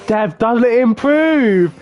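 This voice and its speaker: Guy calling sim race qualifying, high voice, gets loud and excited then drops low, bit of noise behind. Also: slow, lo-fi sound. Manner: excitable, swings from low murmurs to loud shouts. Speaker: race commentator. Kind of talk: live sim racing qualifying commentary.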